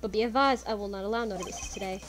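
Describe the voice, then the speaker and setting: A woman's voice: mid-range voice, very fast, pitched below the performer's own voice, natural voice. A woman voicing a cautious, fussy elderly male judge in a courtroom game, speaking in a hesitant, formal way. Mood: stern.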